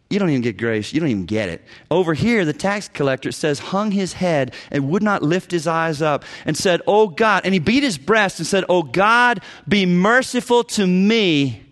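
Dramatic, preacherly man teaching counselors. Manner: acts out quoted prayers and pleas, swinging from loud and high to hushed and low; preacherly emphasis with repeated phrases.

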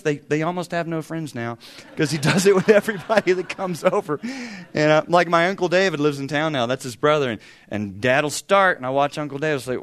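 A man's voice: fairly high pitch, expressive, brisk. A man in his fifties preaching a sermon as pastor, talking in a conversational, humorous way with sudden bursts of emphasis. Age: 50s.

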